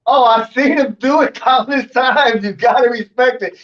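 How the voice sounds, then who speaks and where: A man's voice: extremely high pitch, moderate pace, fairly bright tone, lo-fi sound. A man hosting a casual online talk show, laid-back, laughing often and swearing freely. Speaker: podcast host. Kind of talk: casual chat.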